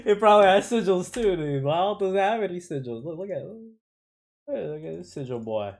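A man's voice: high voice, animated, fairly quick. A man streaming a mobile strategy game, chatting playfully with friends and trash-talking opponents. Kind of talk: casual live gameplay chat.

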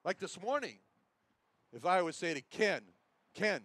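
A man's voice: high voice, big pitch swings, moderate pace, fairly bright tone, husky, dry recording. A man teaching a sermon, emphatic and repeating his Bible references. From United States. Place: chapel.

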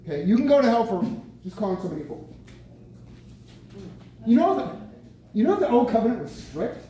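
Excitable male preacher, very high and animated pitch, recorded from afar in an echoey room. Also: brisk, muffled recording. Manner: excitable, bursts out with exclamations. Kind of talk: lively sermon. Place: senior center meeting room. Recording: very echoey room, mic from far off, faint noise.

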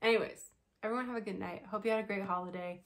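A woman talking frankly in a casual commentary vlog, blunt and quick to laugh. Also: mid-range voice, fairly even intonation. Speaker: commentary vlogger.

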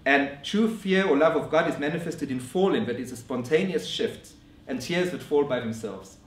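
A man giving a scholarly conference lecture in a measured way, often restarting his phrases. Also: a little high. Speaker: academic lecturer. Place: lecture room. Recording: roomy echo from a distant mic.

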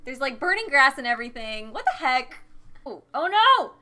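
A young woman chatting excitably through a co-op game, squealing and gasping as she plays. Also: high voice, normal speed. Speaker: let's play gamer. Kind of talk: casual co-op gameplay chat.

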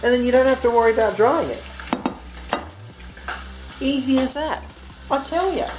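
A man's voice: very high-pitched, lively intonation, normal speed, background noise. Young man in a fake American accent. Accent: put-on American. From Australia. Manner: rambling, jokey, self-mocking. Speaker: vlogger. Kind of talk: casual cooking vlog. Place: home kitchen. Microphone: handheld phone camera. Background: faint music and sizzling bacon.

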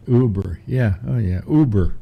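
A man's voice: lowish voice, lively intonation, measured pace, creaky, breathy edge, dull audio. An older man hosting a casual chat, rambling through stories with many restarts. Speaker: host.

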